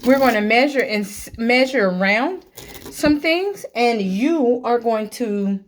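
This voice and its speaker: A woman teacher speaking slowly and clearly to young children, clapping out names and counting along with them. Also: fairly high pitch, expressive, a little hiss or hum.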